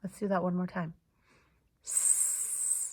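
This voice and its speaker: A woman leads a phonics lesson for young children at a very slow, patient pace. She sounds out each letter carefully, and a gravelly edge of fry runs through her voice. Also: mid-range voice, expressive. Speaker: teacher.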